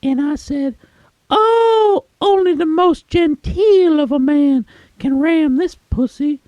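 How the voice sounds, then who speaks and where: A shrill, crude old mother squeals her bawdy lines in a high falsetto, as a man puts her on. She drawls slowly in a mellow, dull-sounding voice. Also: dry recording.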